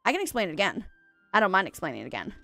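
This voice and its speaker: A woman's voice: medium pitch, huge pitch swings, rapid-fire, creaky, fairly bright tone, faint music behind. A young woman live-streaming a game, chatting with viewers in a rambling way and correcting herself often, with a stuffy nose. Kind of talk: casual live-stream chat.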